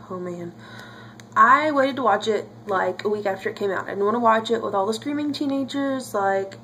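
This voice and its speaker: A woman's voice: mid-range voice, fairly bright tone, a little hiss or hum. A young woman talking casually to camera in a reaction vlog, chatty and emotional. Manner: chatty and emotional, lots of fillers. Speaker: vlogger.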